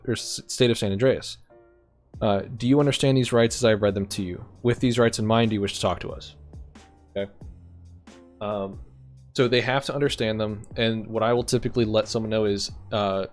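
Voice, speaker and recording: A man in a roleplay game, playing a police sergeant who explains arrest procedure to recruits in a steady, methodical way with frequent ums. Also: fairly low pitch. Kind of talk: instructional roleplay briefing.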